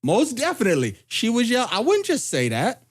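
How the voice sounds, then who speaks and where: A young adult man hosting a podcast, talking about relationships in an earnest, reflective way and rising sharply in pitch when he stresses a point. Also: huge pitch swings, brisk. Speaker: podcast host. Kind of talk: casual chat.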